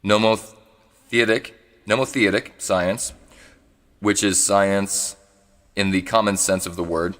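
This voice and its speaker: A man giving a live reading of a philosophy book. He reads haltingly, restarts and corrects misread words, and adds asides when he is unsure how to say foreign words. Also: fairly low pitch, steady tone, fairly bright tone, long reverb tail. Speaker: reader.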